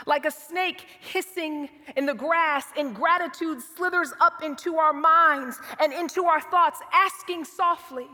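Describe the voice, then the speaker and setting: A woman preaching a sermon with slow, dramatic delivery that sinks to soft whispers. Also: high-pitched, big-room sound.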